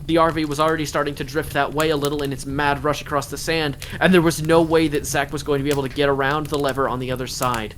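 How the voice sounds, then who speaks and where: A man's voice: a little high, flat delivery, fast talker, few pauses, fairly bright tone. A man telling a long story at a campfire to friends, playful, defending his pun. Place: outdoors by a campfire. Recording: faint background noise.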